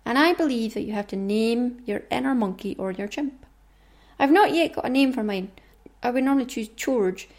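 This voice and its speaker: A woman's voice: fairly high pitch, darkish tone. A woman hosting a podcast, chatting casually and self-mockingly to her listeners. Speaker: podcast host.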